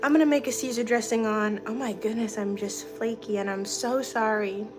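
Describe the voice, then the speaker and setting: This livestream host is a young woman in her kitchen, casually chatting, laughing readily, and responding to viewer comments she reads out. Her fairly high voice keeps an even intonation at normal speed. The audio quality is poor, and music is clearly audible behind her.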